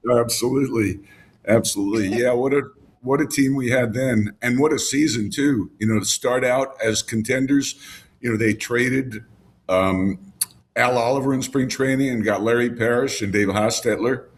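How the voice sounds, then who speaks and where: An older man swapping stories as a guest on a chat show, his voice husky and mid-pitched. He reminisces at an easy pace, stacking up names and details with the odd chuckle. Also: moderate pace. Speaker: baseball radio broadcaster, guest. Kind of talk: casual storytelling in a podcast chat.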